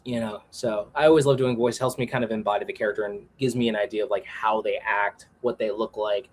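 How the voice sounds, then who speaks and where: A man co-hosting a casual livestream while drawing, animated and playful in how he talks. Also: lowish voice, brisk, husky. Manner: animated, jumps into playful put-on voices. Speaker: comic artist co-host.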